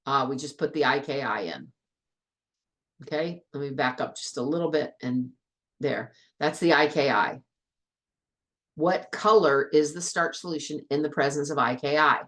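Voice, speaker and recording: A woman's voice: low voice, normal speed, a bit bright. A woman teacher walking a class through an online biology lab step by step, in a chatty, patient way.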